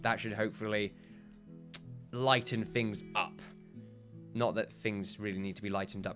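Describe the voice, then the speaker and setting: A man commentating his own building game as a YouTube let's-player, chatty and upbeat and quick to laugh at himself. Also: on the low side, fairly even intonation, pushed and bright, soft background music. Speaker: gaming YouTuber. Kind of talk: casual let's-play commentary.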